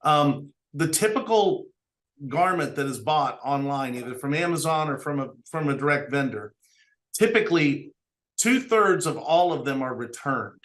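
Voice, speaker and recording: Middle-aged business owner guest, earnest storyteller, voice sits a bit high. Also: male voice, animated, moderate pace, fairly bright tone. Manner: earnest, tells stories with quoted dialogue. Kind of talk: storytelling interview talk.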